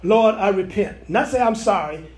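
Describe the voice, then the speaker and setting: A man's voice: high voice, normal speed. A man, a pastor, preaching a prophetic sermon to online viewers, repeating and restarting phrases as he goes. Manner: preachy, repetitive, stammering restarts.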